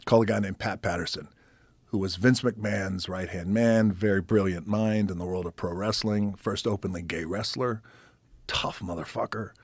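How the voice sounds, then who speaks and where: A deep, gravelly man spins a story in casual conversation, cursing freely and acting out other people's lines. His voice sounds husky and is recorded close, with no room sound. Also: steady tone, moderate pace, no room sound. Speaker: podcast guest.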